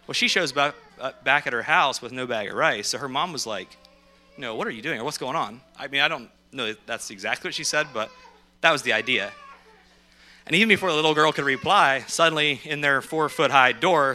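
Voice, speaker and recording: A man speaking from a podium as a missionary, telling lively anecdotes and acting out what people said. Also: medium pitch, fast talker. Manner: lively anecdotal storyteller who acts out quotes. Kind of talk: storytelling sermon.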